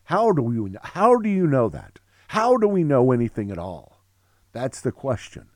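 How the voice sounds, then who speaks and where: A middle-aged man teaching a theology class, talking with excitement in long run-on sentences full of restarts. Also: mid-range voice, moderate pace, dry recording, studio quality. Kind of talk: classroom lecture.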